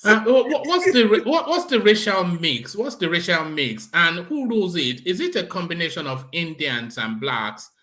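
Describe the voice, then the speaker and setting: A man hosting a casual interview, curious and asking quick follow-up questions. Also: high-pitched, very animated, pushed and bright. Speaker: host.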